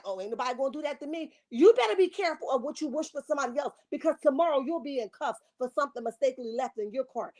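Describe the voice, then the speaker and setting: Woman, 40s, from Camden NJ, high voice, fiery scolding rant host. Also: a little mellow. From Camden, New Jersey. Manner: scolding, fiery, rhetorical questions. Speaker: online commentary host. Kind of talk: heated rant commentary.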